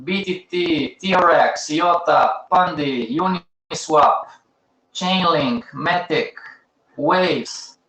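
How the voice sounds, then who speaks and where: A man's voice: on the high side, slow pace, fairly bright tone, reverberant, poor audio. A man with as a hosting a live teaching session, talking to his audience in short, emphatic, repeated phrases and chiding them. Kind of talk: casual live-stream teaching.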